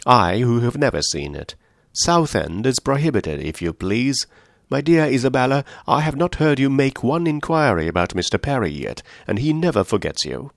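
A clever young woman talks briskly and teasingly in a lifted voice, as a male reader plays her. The reading sits dry and close to the mic. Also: medium pitch, big pitch swings, vocal fry, dry recording, pitched above the performer's own voice. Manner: brisk, teasing, steering talk.

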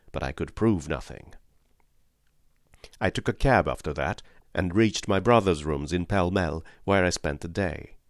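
Low-voiced male audiobook narrator. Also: no echo, clean studio sound. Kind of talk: scripted narration of a classic detective story.

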